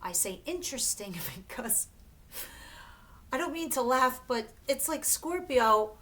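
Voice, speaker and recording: A woman's voice: sits high, animated, a little slow, a bit bright. A woman giving a casual tarot reading to camera, chatty and emphatic, swearing freely and often laughing. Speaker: tarot reader.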